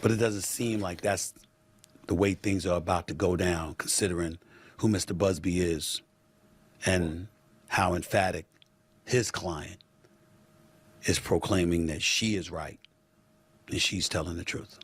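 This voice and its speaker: A man hosting a talk show, giving measured, deliberate commentary on a news story. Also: low-pitched, steady tone, slightly rough.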